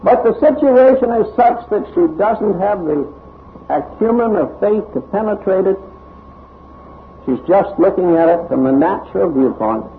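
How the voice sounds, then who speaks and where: A male preacher delivers a sermon at a slow, deliberate pace, reading scripture with dramatic emphasis. His fairly high voice rises and falls widely. The recording is thin and tinny, like a phone line. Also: animated, slight background noise. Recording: tinny narrow-band recording.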